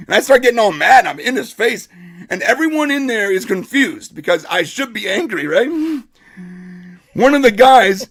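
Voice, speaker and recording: A man with a high voice and a gravelly edge tells a story on a podcast, casual and animated, slipping into the voices of the people in it. The sound is dry and close, with no room around it. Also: moderate pace, no echo. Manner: animated, acts out quotes. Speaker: podcast co-host.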